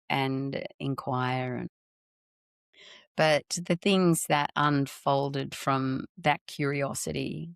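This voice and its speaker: Deep-voiced middle-aged woman on a podcast, earnest and expressive, dry close sound. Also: gravelly, no echo. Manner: expressive, earnest, halting with restarts. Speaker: podcast guest. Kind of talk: reflective personal storytelling in conversation.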